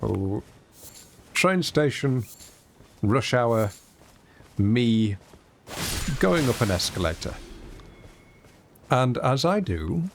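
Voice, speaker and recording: Animated, rambling gaming streamer man. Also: mid-range voice, very slow, creaky, long pauses, a little hiss or hum. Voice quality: lively, rambling storyteller with self-mocking humour. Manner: animated, chatty, reacting aloud to the game. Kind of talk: casual gameplay commentary and storytelling.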